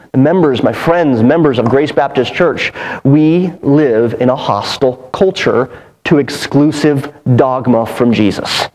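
Captured on a low-quality recording in a church sanctuary, a pastor with a medium-pitched, darkish voice delivers his sermon. His earnest, emphatic style drives each point home with repeated phrases.

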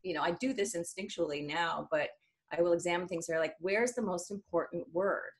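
Lively middle-aged woman, lowish voice. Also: brisk, slightly rough. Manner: animated, laughs often, breaks into sung phrases. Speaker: singer-songwriter guest. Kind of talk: casual interview chat.

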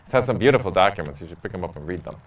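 A man's voice: low-pitched, expressive, rapid-fire, far from the mic. A man, a priest, answering questions from a parish group in a candid, joking way. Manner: candid, joking storyteller who laughs at his own stories. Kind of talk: casual Q&A talk to a parish group.

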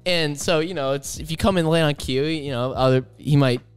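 A man's voice: on the high side, fairly quick, smooth, faint music behind. A young man, a college soccer player, chatting casually and animatedly on a podcast, laughing and swearing freely. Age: young adult.

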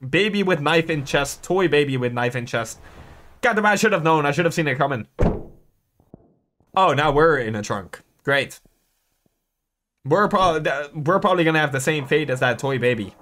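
Young man, horror game commentary, lively swooping voice, higher pitched, swearing, jumpy. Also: normal speed, pauses often. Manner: excitable, swearing, jokey, shrieks when startled. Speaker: gaming YouTuber.

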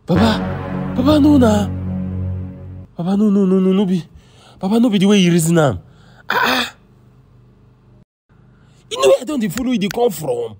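Man as excitable Nigerian churchgoer, comedy skit, lively rising and falling voice, loud exclamations, music behind. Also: high-pitched, normal speed, long pauses, slightly rough, full character voice. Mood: outraged. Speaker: comic actor.

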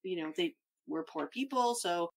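A woman's voice: lowish voice, animated, normal speed. A middle-aged Canadian woman, a travel blogger guest on a podcast, explaining things in chatty casual talk and laughing often.

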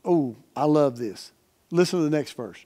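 A male pastor preaching with a notably high-pitched voice. His delivery is emphatic and folksy, pushing hard on key words and then dropping into soft, plain-spoken asides to the congregation. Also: expressive, normal speed. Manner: emphatic preaching, swings from loud stresses to quiet asides. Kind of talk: sermon.

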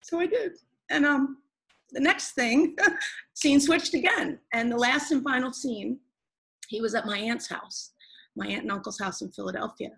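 Woman guest rambling thru a personal story, kinda husky, earnest, lots of restarts. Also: a little high, normal speed, fairly bright tone, rough recording.

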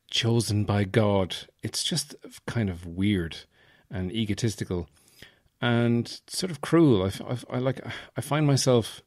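A man's voice: lowish voice, darkish tone. A man hosting a solo podcast, chatting casually and rambling from thought to thought. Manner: rambling, meandering, many fillers and restarts. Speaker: podcast host.

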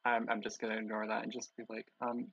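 A man's voice: fairly low pitch, monotone, fast, fairly bright tone, no echo, highs cut off. A man playing a tabletop game who talks hesitantly, with many fillers and restarts. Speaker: player. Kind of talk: casual tabletop gameplay chat.

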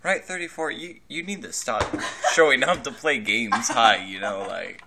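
A man's voice: medium pitch, moderate pace, gravelly. A man giving casual, mocking commentary over a basketball game replay, laughing often. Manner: giggly, mocking, puts on voices for players. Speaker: gameplay commentator. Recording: game crowd noise behind. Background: basketball arena crowd from the game.

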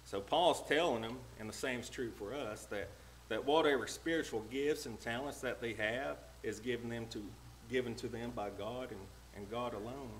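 A man's voice: medium pitch, slight background noise, low-quality recording. Folksy preacher man. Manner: plain-spoken and homespun, reads King James verses slowly. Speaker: lay preacher. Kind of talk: folksy sermon with scripture reading. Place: church sanctuary.

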